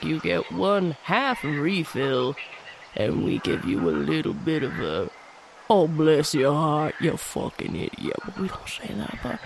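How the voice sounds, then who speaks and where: A woman's voice: low voice, noisy background, voice pushed down. Woman putting on a syrupy Southern coffee-shop hostess. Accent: put-on Louisiana Southern. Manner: syrupy, sweet-talking, sly. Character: drawling Southern woman who runs a swamp coffee shop.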